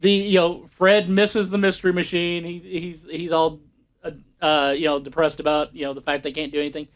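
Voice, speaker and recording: A man's voice: on the high side, little pitch movement, a little fast. A man co-hosting a podcast, rambling through a story in casual chat with lots of fillers. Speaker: podcast co-host.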